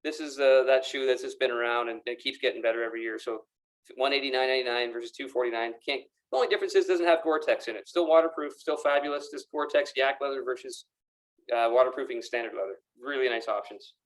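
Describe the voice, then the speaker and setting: A man speaks fast in a steady, medium-pitched tone as he presents golf gear live in a pro shop with racks behind. He's upbeat and gushing, with frequent fillers and restarts, on a low-quality recording.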